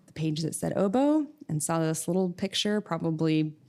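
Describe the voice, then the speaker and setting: A middle-aged woman from Oklahoma, a music professor and podcast guest, telling stories in a relaxed, reflective way, with many fillers and frequent laughs. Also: sits low, moderate pace. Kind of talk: casual interview storytelling.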